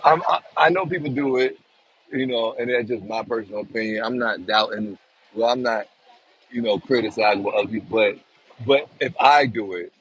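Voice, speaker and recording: Out on a city street, a livestream vlogger rambles to his viewers through his phone, casual and full of swearing. His voice is lowish and husky, captured in slightly dull lo-fi phone audio with faint street sounds behind it.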